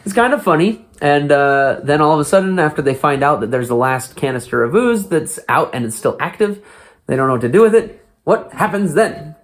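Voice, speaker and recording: A man co-hosting a podcast, retelling a movie plot in a loose, animated way and laughing often. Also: on the high side, fairly quick. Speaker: podcast co-host. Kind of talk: casual movie recap chat.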